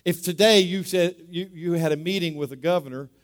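A man's voice: a little high, a little fast. A man preaching a sermon as pastor, talking in a conversational way, repeating words and asking the congregation to say them back. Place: church sanctuary. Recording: long reverb of a large hall.

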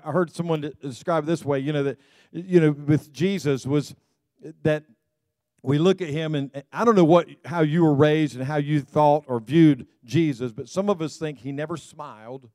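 A male pastor preaches in a loose, chatty way, scattering "you know" through his sentences along with quick laughs. His voice is fairly high for a man and mellow, recorded dry and close with no room echo.

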